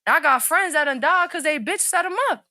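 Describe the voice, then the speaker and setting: A woman on a podcast panel, talking street in loose, candid, rambling turns. Her voice is bright and forward, and it sounds dry and close with no room echo. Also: sits high, brisk. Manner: rambling, restarts often. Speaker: podcast guest. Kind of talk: casual panel chat.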